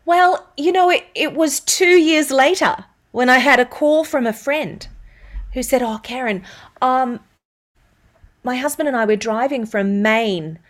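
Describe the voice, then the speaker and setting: A woman's voice: high-pitched, unhurried. A woman with an Australian accent, a voiceover artist, telling stories as an interview guest and acting out the quotes. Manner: animated, laughing, acts out quotes. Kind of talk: interview storytelling.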